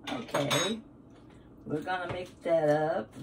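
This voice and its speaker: An older woman talks slowly and easily through a recipe in her home kitchen, chatty and homespun. Her voice sits a bit back from the microphone, with faint clinks of dishes and utensils around her. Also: fairly low pitch, distant mic, slight background noise. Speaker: cooking show host. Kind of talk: casual cooking demonstration. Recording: kitchen sounds, voice somewhat off-mic.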